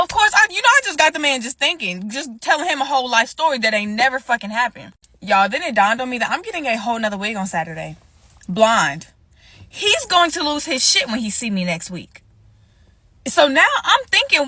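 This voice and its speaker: A woman's voice: high-pitched, a little fast, dry recording. A woman telling a casual storytime to her viewers, addressing them as y'all. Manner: animated, talks to viewers as y'all.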